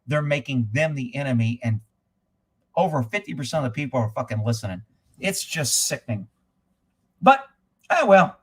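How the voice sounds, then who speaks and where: A man hosting a livestream of angry political commentary, profane and mocking, bursting into shouts and laughing in disbelief at clips. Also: a little high, husky. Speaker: livestream host.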